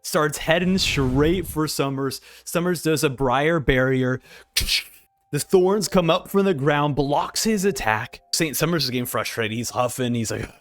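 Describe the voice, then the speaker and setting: A man reading out a manga chapter in a casual reaction video, laughing often and doing quick funny voices for the lines. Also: a little high, soft background music.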